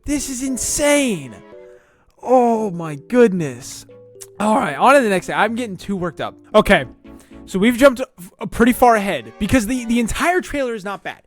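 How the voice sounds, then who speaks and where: An online commentator in a casual video, excitable and stammering, firing off rhetorical questions. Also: medium pitch, moderate pace, faint music behind.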